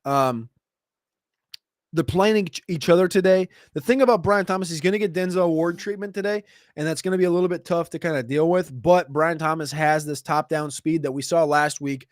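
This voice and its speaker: A man hosting a casual livestream Q&A, answering viewer questions in a quick, chatty way with sudden jumps in pitch. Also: no room sound, clean studio sound. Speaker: fantasy football show host.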